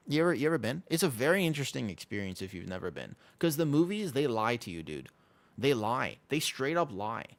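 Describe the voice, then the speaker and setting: A man casually chatting with his viewers while streaming a game, excitable and talkative. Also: mid-range voice, fairly quick, gravelly. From United States. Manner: excitable, chatty, reacts to chat.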